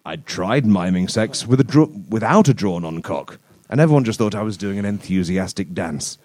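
A man telling a crude improvised comic story at a live show, deadpan and often laughing. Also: on the low side, moderate pace, dry recording.

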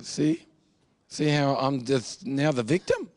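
A man's voice: medium pitch, slow, darkish tone, dry recording. A man preaching a sermon in an earnest, confessional way, with humor and repeated phrases. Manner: earnest, confessional, mixes jokes and repetition.

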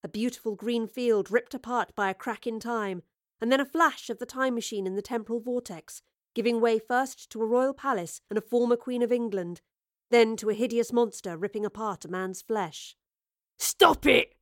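A woman giving scripted audiobook narration of a story in a measured, vivid storytelling manner. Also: a little high, no echo, studio quality.

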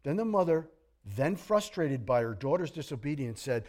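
Animated male preacher, high lively voice. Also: moderate pace. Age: middle-aged. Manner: animated, grumbling impressions, jokey asides. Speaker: pastor. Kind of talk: sermon.

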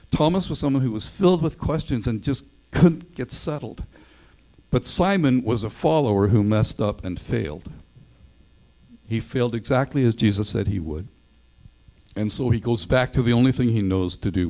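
A man's voice: mid-range voice, a little mellow, poor audio. A male pastor preaching a sermon in a conversational way, acting out the voices of the people he quotes.

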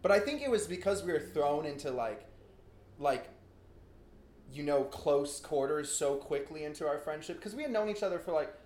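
A young man in casual conversation, telling an animated story with lots of fillers and laughter. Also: fairly high pitch, normal speed, reverberant.

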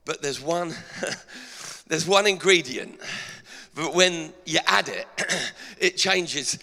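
A middle-aged man preaches a sermon, throwing rhetorical questions out to his congregation. His voice sits a little high and rings bright and forceful. The church hall around him lingers with a long reverb. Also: takes it slowly. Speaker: pastor.

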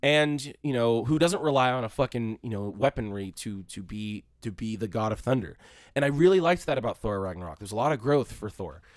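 A man in a dry, close-miked recording, talking casually and at length as a podcast co-host. He rambles, swears freely and mocks scenes by quoting them in a put-on voice. His voice sits at a middling pitch. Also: fairly quick, no echo. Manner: profane, rambling, animated, mocking quotes. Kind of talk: casual movie review chat.

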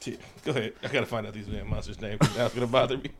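A man co-hosting a podcast, recapping a movie in loud, profane, joking chat. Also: fairly low pitch, fairly even intonation, rapid-fire. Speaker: podcast co-host.

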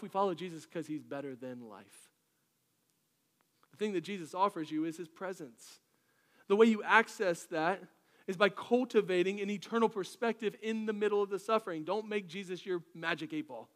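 A man preaching a sermon as pastor, lively and storytelling, with jokey asides. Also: high voice, moderate pace, long reverb tail.

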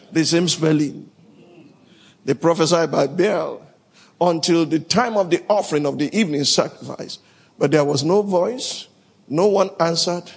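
A man's voice: on the high side, vocal fry, husky. A man preaching a sermon, reading scripture and calling out to the congregation in dramatic bursts. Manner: dramatic, shouting bursts, Bible reading, call-and-response. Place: large hall with congregation. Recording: echoey hall.

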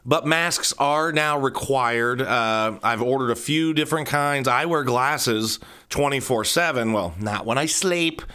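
A man's voice: medium pitch, pushed and bright. A man from central Ohio hosting his own podcast, rambling through a casual solo monologue full of self-mocking, jokey asides. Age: adult. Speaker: podcast host.

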